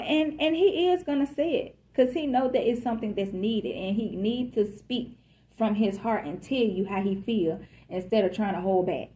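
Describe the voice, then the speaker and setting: A woman's voice: fairly high pitch, lively intonation, moderate pace, dark tone, lo-fi sound. A woman giving a casual collective love reading, chatty and emphatic, who calls her listeners y'all and baby. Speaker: tarot reader.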